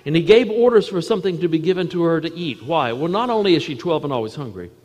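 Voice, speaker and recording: A man preaching a sermon in earnest, repeating key phrases and dropping to a soft voice at moments. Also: on the high side, animated, fast talker, in a large hall. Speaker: pastor.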